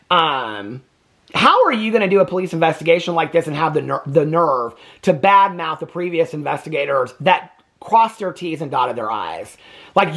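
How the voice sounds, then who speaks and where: A man hosting a casual reaction commentary on a true crime documentary, talking in an indignant, emphatic way. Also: a little high. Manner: animated, indignant.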